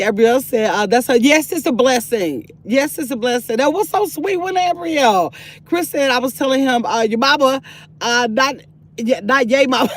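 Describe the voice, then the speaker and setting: Chatty older woman livestreaming from a car. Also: sits high. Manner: chatty and excitable, swinging from sweet to sassy. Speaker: livestream host reading chat. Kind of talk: casual livestream chat. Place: parked car. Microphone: phone.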